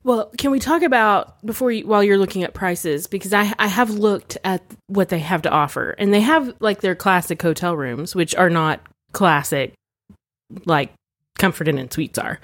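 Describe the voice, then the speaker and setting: A woman from Texas co-hosting a podcast, telling a story in a casual, animated way and laughing often as she goes. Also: on the low side, no echo, studio quality. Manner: animated, laughs through her own story. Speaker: podcast co-host.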